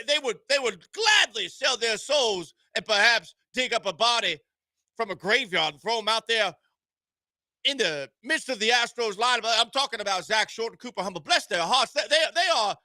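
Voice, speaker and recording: A man's voice: very high-pitched, sharp tone, dry recording, exaggerated voice. A man voicing a pompous male courtroom lawyer with a put-on Southern drawl and theatrical declarations.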